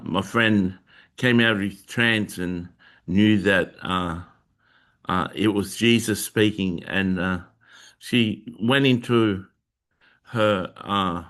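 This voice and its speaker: A man recounts a personal religious testimony on his own channel, pausing often and filling the gaps with hesitant sounds. His voice sits a little low but has a bright, forward edge. He speaks very slowly. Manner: halting, with many filler sounds and restarts. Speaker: Christian video host sharing testimony.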